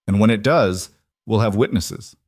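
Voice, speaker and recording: A man voicing a bold young city wife who speaks clearly and firmly, in an audiobook western. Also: fairly low pitch, normal speed, darkish tone, dry recording, studio quality, close to an everyday voice. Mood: defiant. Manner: clear, firm. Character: bold young city woman, defiant newlywed.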